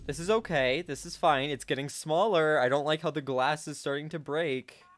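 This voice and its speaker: Brief: male gameplay commentator, slightly high voice, jumpy and easily frustrated, self-talk at a desk mic. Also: moderate pace. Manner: excitable, jumps into high-pitched outbursts, talks to himself. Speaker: gaming channel host. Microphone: desk microphone.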